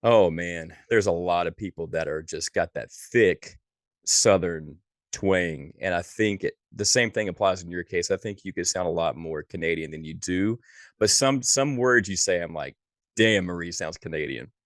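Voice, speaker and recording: A man from North Carolina, a podcast guest, chatting in a relaxed, easygoing way. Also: sits low, normal speed, no echo, clean studio sound. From North Carolina, USA. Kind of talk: casual chat.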